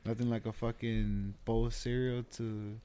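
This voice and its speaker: A man's voice: medium pitch, flat delivery, normal speed, warm tone, smooth. A man in casual podcast chat, telling laid-back stories full of slang and swearing.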